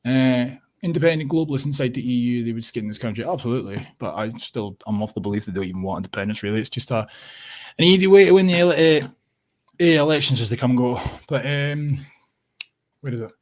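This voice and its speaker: A man's voice: mid-range voice, expressive, fast talker. A Scottish man hosting a casual livestream, rambling and swearing, laughing often as he clicks through tabs. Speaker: livestream host.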